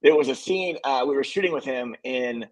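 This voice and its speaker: A man in a casual interview, acting out other people's lines as he tells stories from film sets. His voice has a slight husky edge. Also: medium pitch, brisk, rough recording. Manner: animated storyteller acting out quotes. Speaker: film director guest.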